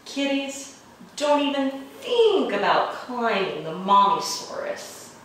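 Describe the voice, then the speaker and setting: A woman reads a picture book to children in a slightly high, very animated voice, playful and expressive with roars and chuckles. She takes her time over every line. The sound is roomy and distant, with faint background noise. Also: takes it slowly. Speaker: children's librarian. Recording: echoey room from far off, faint noise.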